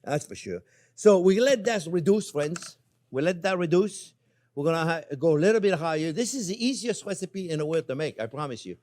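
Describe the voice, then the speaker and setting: A man's voice: fairly high pitch, big pitch swings, a little fast, a little mellow. Older guy cooking on camera, chatty, voice bouncing all over. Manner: chatty, playful, addresses viewers as friends. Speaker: cooking show host. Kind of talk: casual cooking demonstration.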